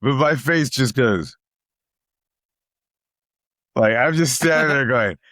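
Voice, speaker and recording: A man's voice: mid-range voice, expressive, slow, a bit bright, no room sound, studio quality. A middle-aged man, a guest comedian telling stories in casual chat, who repeats phrases for emphasis and acts out what other people said.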